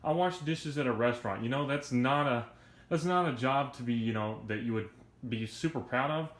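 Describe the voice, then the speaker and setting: A young man talking casually and earnestly to his viewers in a vlog, energetic and a bit out of breath, with lots of slang. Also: medium pitch, normal speed, roomy sound. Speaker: YouTuber.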